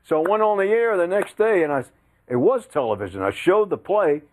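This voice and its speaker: A man's voice: high voice, a little fast. An older man, a veteran sportscaster, telling anecdotes as a guest and acting out quotes. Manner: lively storyteller, acts out quotes. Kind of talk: anecdotal storytelling.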